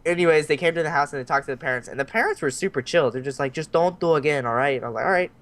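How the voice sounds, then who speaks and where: A man's voice: a little high, racing. A young man casually telling a story on a podcast, acting out the voices of the people in it and swearing freely. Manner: animated, acts out voices in his stories, swears freely. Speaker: podcast host.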